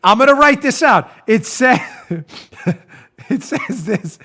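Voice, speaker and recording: A man's voice: extremely high pitch, lively intonation, slow, pauses often, pushed and bright. A middle-aged man hosting a political talk show, mocking his targets and laughing hard at his own jokes. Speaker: podcast host.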